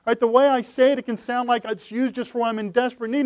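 A pastor preaching a sermon, earnest, repeating phrases and moving between hushed, low passages and loud, emphatic cries. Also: male voice, fairly even intonation, fast, few pauses, dry recording.

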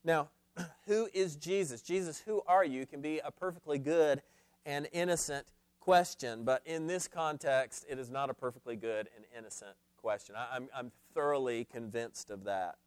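A man's voice: medium pitch, moderate pace, clean tone, no room sound. A man giving an earnest, emphatic Bible lesson to a class, posing questions to his listeners. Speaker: Bible teacher. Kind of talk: expository Bible teaching.

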